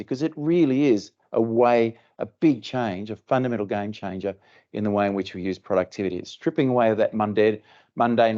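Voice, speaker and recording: A man's voice: on the low side, warm tone, muffled recording. A man giving a conversational presentation at a company event, often restarting and repeating words for emphasis. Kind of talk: conference presentation. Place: event room.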